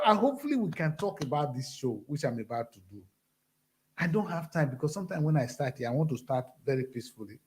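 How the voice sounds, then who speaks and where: Fiery Nigerian man, high lively voice. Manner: fiery, preachy, blunt ranting. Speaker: show host. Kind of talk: impassioned monologue.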